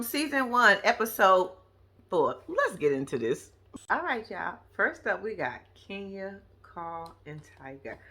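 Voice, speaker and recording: A woman's voice: on the high side, sharp tone. A woman recapping a reality show episode in casual, profane chat, talking straight to her viewers.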